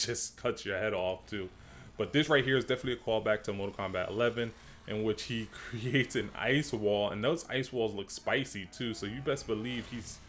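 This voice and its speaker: A man's voice: a bit bright, a little hiss or hum. Chatty man doing a slangy trailer breakdown. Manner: slangy and chatty, repeats himself and restarts phrases; gets worked up and rises in pitch when ranting. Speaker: video creator breaking down a movie trailer. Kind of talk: casual trailer-breakdown commentary.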